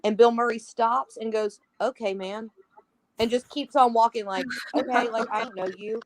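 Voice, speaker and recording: On a podcast, a female guest talks about a film in a relaxed way, voicing the characters' lines with animation as she goes back over scenes. She speaks at a moderate pace in a slightly high voice. There's no echo, though the audio quality is poor.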